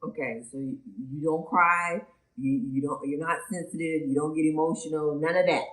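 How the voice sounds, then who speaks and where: A man's voice: on the high side, fairly even intonation, normal speed, fairly bright tone, close to an everyday voice. A man acting out a friend who dryly needles another man for being sensitive. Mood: teasing. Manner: dry, needling. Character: teasing man calling his friend sensitive. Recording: roomy room echo.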